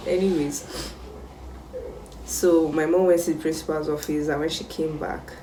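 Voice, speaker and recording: A young Nigerian woman telling a casual storytime vlog, animated and exclamatory. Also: deep voice, moderate pace, distant mic, a little hiss or hum. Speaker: vlogger. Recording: roomy sound, mic set back.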